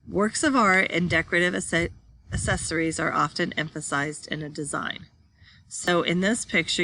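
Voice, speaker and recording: A woman's voice: fairly low pitch, bright, forceful tone, slight background noise. A woman teaching a class, reading slide text aloud and then explaining it while pointing at pictures.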